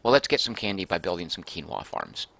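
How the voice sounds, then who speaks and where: A man's voice: low voice, huge pitch swings, brisk, gravelly, pushed and bright, dry recording. A man casually commenting as he streams a game, thinking aloud and reading out viewer comments.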